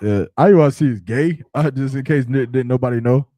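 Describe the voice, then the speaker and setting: Mellow-voiced guy hosting a podcast, slangy and joking, dry sound. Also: medium pitch, fairly quick, no room sound. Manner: loose, slangy, laughing and joking. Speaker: podcast host. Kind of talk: casual podcast chat.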